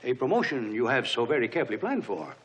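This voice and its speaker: An actor playing a scheming, condescending older army general who talks in a smooth, patronizing way. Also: male voice, mid-range voice, sing-song, fast, fairly bright tone. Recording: old film soundtrack with long reverb.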